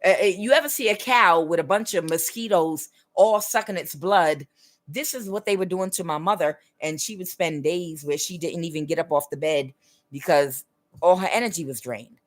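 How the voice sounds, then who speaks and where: A woman with a somewhat low voice gives a casual spiritual monologue on her own channel. She speaks earnestly and stresses her points, often checking in with the listener. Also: moderate pace. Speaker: tarot reader and spiritual channel host.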